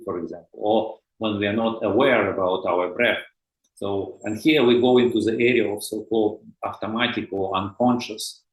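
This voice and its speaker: A man from Russia with a heavy Russian accent, a guest expert talking in a podcast interview, halting and full of fillers. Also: on the low side, fairly bright tone, reverberant, rough recording. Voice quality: hesitant, many fillers and restarts.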